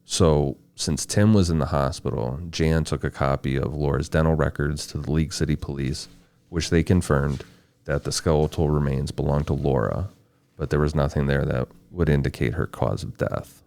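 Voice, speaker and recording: A man hosting a podcast, telling a true-crime story in steady, detailed narration with casual asides. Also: rumbling low, normal speed, gravelly. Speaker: podcast host.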